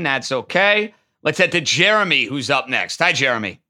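A man hosting a call-in sports talk show, taking callers and arguing his takes emphatically. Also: medium pitch. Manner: emphatic, animated, quick to riff. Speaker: sports radio host.

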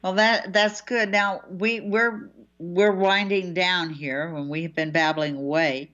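A chatty woman hosts a freewheeling talk show with a low-set voice, laughing between her points. The sound is dull and lo-fi. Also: measured pace. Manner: chatty, laughs often, animated asides. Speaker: host. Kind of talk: casual chat.

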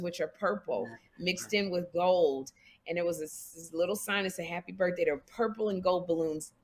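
Lower-voiced woman telling a story. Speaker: co-host. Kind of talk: casual chat.

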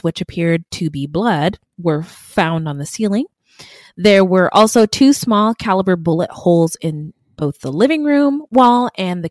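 A woman's voice: fairly low pitch, a little mellow, dry recording. A woman co-hosting a true-crime podcast in casual chat, blunt and irreverent, laughing often. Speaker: podcast co-host.

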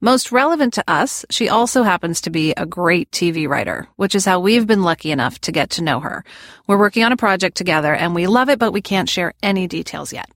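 A woman's voice: lowish voice, animated, brisk, fairly bright tone, dry recording, studio quality. A woman co-hosting a podcast, introducing the guest and asking questions in a friendly, casual way. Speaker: podcast co-host. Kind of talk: casual interview chat.

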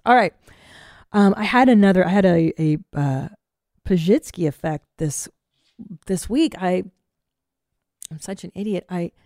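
A woman in her forties hosting a podcast, chatting casually and telling stories in a profane, self-mocking, animated way. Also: fairly low pitch, creaky, no room sound, studio quality. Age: 40s. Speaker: podcast host. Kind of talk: casual solo chat.

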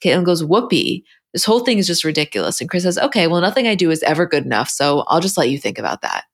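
With a lowish, sing-song voice at a quick pace, a woman co-hosts a podcast. She chats casually while giving a blunt retelling of a reality show episode, quoting cast members scene by scene.

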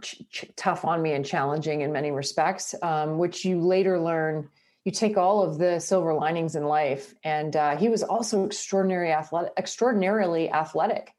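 A Canadian woman, a sports reporter, chatting in a casual interview, telling lively stories and laughing often. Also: low-pitched.

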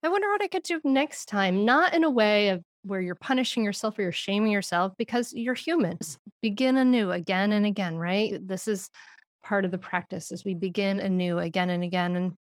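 A woman speaking as a guest expert on parenting in an interview, with an earnest, gentle, explanatory manner. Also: mid-range voice, brisk, dry recording, studio quality. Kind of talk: interview answers.

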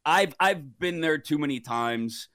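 A man's voice: fairly high pitch, measured pace, no room sound, clean studio sound. A man giving his college football picks as a guest on a betting show, talking casually with jokes at his own expense. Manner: animated, self-deprecating, jokey. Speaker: guest sports betting analyst. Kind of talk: casual sports betting chat.

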